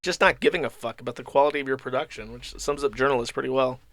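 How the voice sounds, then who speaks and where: A man's voice: medium pitch, very fast, fairly bright tone. A man hosting a livestream, reading paid donations aloud and answering them with mocking, profane commentary. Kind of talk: casual commentary stream.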